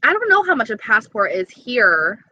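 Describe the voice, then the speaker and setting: A woman's voice: a little high, huge pitch swings, normal speed, bright, forceful tone, no echo, muffled recording. A young woman chatting casually with viewers on a live stream, gushing and dramatic.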